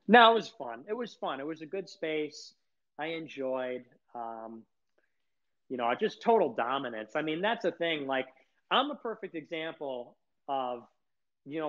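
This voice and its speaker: A man's voice: mid-range voice, fairly bright tone. A man hosting a live audio chat room, talking in a rambling, sarcastic monologue with mocking laughs. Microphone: streaming audio over the internet. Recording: dull lo-fi online audio.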